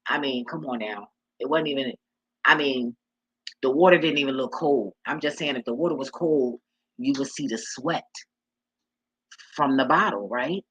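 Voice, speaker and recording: A blunt speaker, talking straight into the mic in a husky, slightly breathy voice. The delivery is preachy, profane street talk in a loose casual monologue, and the sound is close and dry with no room around it. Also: medium pitch, normal speed, pauses often, a bit bright, dry recording, highs cut off. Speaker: vlogger giving life advice.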